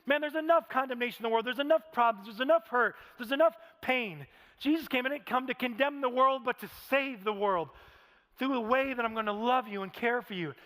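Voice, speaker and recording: Male pastor, high-pitched and animated, sermon recorded with long hall reverb. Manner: animated storytelling, acts out quoted voices. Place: large church auditorium.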